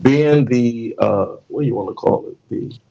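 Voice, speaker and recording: Male podcast host, gravelly voice, swearing storyteller, mellow tone. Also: medium pitch, normal speed, highs cut off. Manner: storytelling, profane, laughs often. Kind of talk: casual podcast chat.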